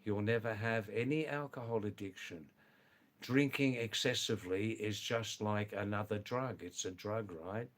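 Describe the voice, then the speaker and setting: An older man chatting slowly and rambling on a live stream, answering viewers by name. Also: on the low side. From lives in the Himalayas of northern India. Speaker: livestream host.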